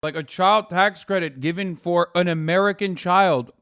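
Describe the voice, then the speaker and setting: A man's voice: high-pitched, moderate pace, a bit bright, smooth, no echo, studio quality. A man streaming live, reacting to a speech with exasperated, profane commentary.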